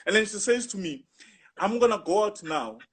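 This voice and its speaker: A young man with a husky voice, animatedly telling a rambling story in casual chat, full of "you know". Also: high voice, animated, moderate pace. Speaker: guest storyteller.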